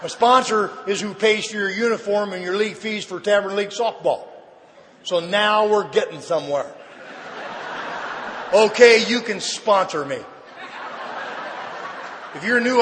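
A middle-aged man sharing his story with a live audience at a recovery meeting, a folksy comic storyteller with dry deadpan asides. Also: high-pitched, moderate pace. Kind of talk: humorous personal testimony to an audience. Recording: reverberant hall, faint background noise.

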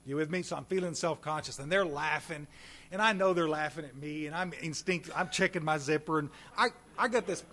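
A man telling his recovery story at a meeting, folksy and animated, talking straight to the audience. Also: a little high. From Texas. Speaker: recovery speaker.

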